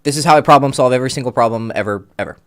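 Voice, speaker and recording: A man's voice: mid-range voice, very fast, clear, resonant tone. A man working as a dating coach, talking a client through his mistakes on a call in a blunt, casual way that includes swearing.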